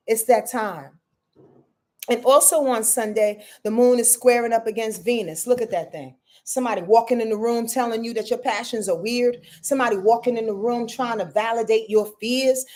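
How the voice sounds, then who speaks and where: A woman's voice: on the high side, a little mellow. A woman astrologer hosting a live weekly forecast, talking straight to her viewers in an emphatic, preachy way and repeating phrases for effect. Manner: talks straight to viewers with "y'all", affectionate. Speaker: astrologer and show host.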